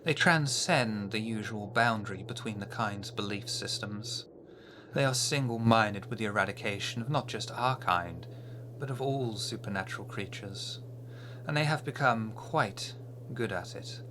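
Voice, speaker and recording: A man's voice: fairly low pitch, noisy background, lightly acted. Man doing a cold, menacing mysterious woman. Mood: ominous. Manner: measured, ominous warnings.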